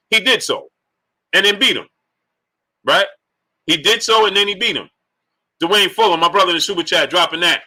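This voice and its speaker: Male livestream host, bright sharp tone, chatty and animated. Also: a little high. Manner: animated, shouts out viewer names between opinions. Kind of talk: casual live stream chat, reading super chats.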